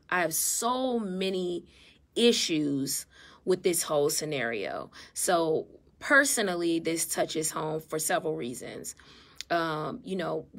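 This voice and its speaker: Woman going live on her phone, low gravelly voice, earnest and heartfelt. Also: a bit bright. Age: adult, married mother. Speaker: therapist and vlogger. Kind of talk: casual live-stream talk.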